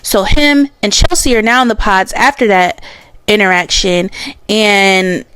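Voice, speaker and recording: A woman hosting a podcast, giving blunt, sassy, animated pop-culture commentary. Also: mid-range voice, measured pace, clean tone. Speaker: podcast host.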